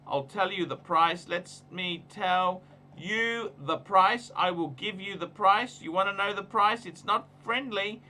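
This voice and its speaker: A man's voice: high voice, slow, sharp tone. A man hosting a casual livestream, giving emphatic, repetitive, ranting advice. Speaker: livestream host.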